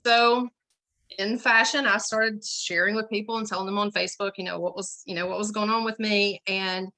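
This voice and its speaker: Woman sharing a heartfelt product story, frank and emotional, bright tone. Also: medium pitch, steady tone, normal speed, poor audio. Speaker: guest sharing a testimonial. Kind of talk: personal testimonial.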